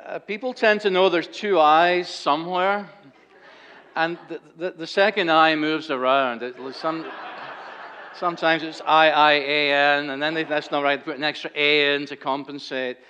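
A Scottish man in his sixties, speaking as a guest at a church gathering, delivers a humorous lecture full of dry, self-deprecating wit and frequent hesitant fillers. His voice sits fairly high and comes across pushed and bright at a moderate pace. The lo-fi recording sounds dull and carries slight background noise.

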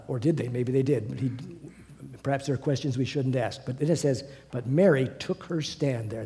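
In a large hall whose long reverb rings around him, a man of medium pitch with a mellow, dark voice preaches a sermon. Earnest and halting, he often breaks off to restart sentences and drops into soft asides.

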